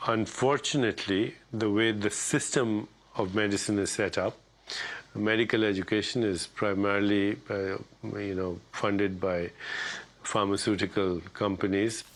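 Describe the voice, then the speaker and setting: A man speaking thoughtfully in a documentary interview, pausing with fillers. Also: on the low side, fairly even intonation.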